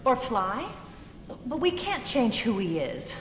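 A woman's voice: on the high side, huge pitch swings, takes it slowly, a little hiss or hum, heavily acted. An actress playing a superhero mother who talks her husband through their disappointment about their son, in a film clip. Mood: exasperated. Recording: reverberant film soundtrack with score.

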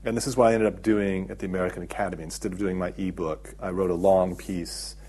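Middle-aged male filmmaker in an interview, somewhat low and breathy-husky, thoughtful and explanatory, many pauses. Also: flat delivery, mellow. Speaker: documentary filmmaker, interview guest. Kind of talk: reflective interview talk.

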